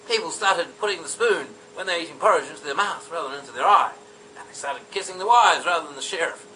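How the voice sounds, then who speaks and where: A man's voice: on the high side, bright, forceful tone. Rambling man telling a silly history tale. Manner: meandering, full of ums and "you see". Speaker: comedic storyteller. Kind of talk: rambling deadpan mock-history monologue. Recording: distant mic with faint background noise.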